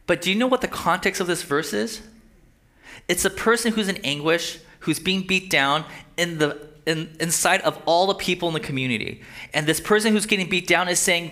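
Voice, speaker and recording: A man's voice: sits high, expressive, moderate pace, pushed and bright. A man preaching a sermon, reading scripture aloud with rising emphasis and often asking his listeners "right?". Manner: asks the audience "right?" and "Amen?". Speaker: pastor.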